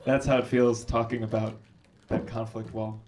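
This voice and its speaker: A man's voice: on the low side, flat delivery, moderate pace. A man in his thirties doing stand-up crowd work on a club stage, brash and profane as he teases the audience. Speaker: stand-up comedian. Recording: noisy live club recording.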